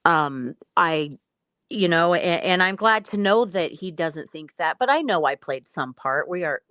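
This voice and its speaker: A middle-aged woman speaking as a guest on a live chat, earnest and reflective with small halting restarts. Her voice sits low, and the sound is dry and close. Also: animated, a bit bright, dry recording. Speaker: guest, mother of a son with addiction. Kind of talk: casual chat.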